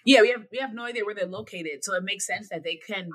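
A woman co-hosting a casual podcast chat, talking in an animated, emphatic way. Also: mid-range voice, fast talker, low-quality recording. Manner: animated, emphatic, talks things through. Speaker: podcast co-host.

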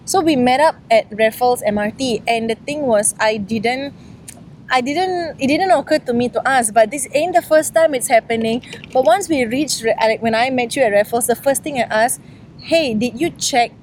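A woman's voice: moderate pace, low-quality recording. A woman co-hosting a podcast outdoors, chatting playfully and telling stories with a teasing edge. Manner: playful, teasing, animated storytelling. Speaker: podcast co-host. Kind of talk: casual chat. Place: outdoors on a lawn by a city street. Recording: faint traffic rumble outdoors.

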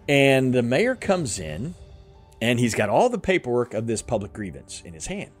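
A man's voice: medium pitch, very animated, fairly quick, faint music behind. A man hosting a faith podcast, telling a story earnestly and acting out what people said. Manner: earnest, emotional, acts out quotes. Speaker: podcast host.

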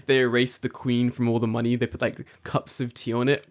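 A young man in casual chat, swearing freely, excitable and laughing often. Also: mid-range voice, brisk. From United Kingdom.

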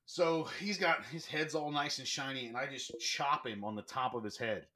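Bright-voiced man telling animated stories. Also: mid-range voice, moderate pace. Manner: animated, lively anecdote-telling. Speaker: professional wrestler guest. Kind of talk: casual storytelling.

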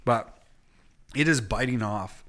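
A man's voice: mid-range voice, takes it slowly, a bit bright. A man in casual conversation, explaining ideas earnestly and eagerly with lots of fillers. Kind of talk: casual chat.

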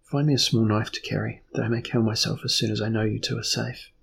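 A man's voice: lowish voice, flat delivery, quick pace, vocal fry, a little hiss or hum. A man voicing a despairing young woman. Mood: fearful. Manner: quiet, despairing delivery.

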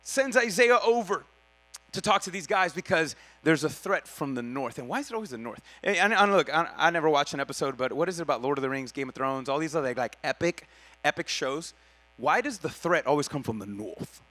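High-voiced, bright casual preacher man. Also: animated, fairly quick. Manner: slangy, conversational, with self-corrections. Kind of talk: casual Bible teaching.

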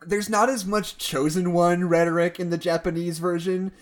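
A woman's voice: on the low side, steady tone, moderate pace. A woman co-hosting a podcast in casual chat, laughing often and acting out movie lines in silly voices. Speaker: podcast co-host.

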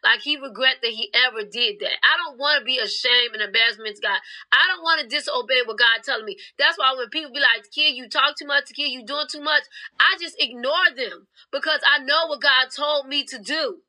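A woman's voice: sits high, brisk, bright, forceful tone, rough recording. A young woman preaching a fervent sermon, retelling scripture in her own words.

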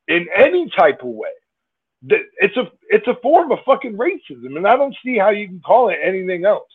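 A man with a husky voice in a casual podcast chat, talking heatedly and swearing. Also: high-pitched. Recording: tinny phone-like line.

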